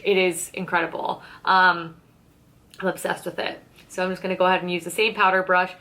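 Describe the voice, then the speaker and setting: A young woman with a bright, forward voice talks straight to the camera while doing her makeup. She is candid and sarcastic, swears freely, and plays both sides of a conversation as she tells the story. Her pitch stays in an ordinary middle range. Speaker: beauty vlogger. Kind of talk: casual chatty get-ready-with-me storytelling.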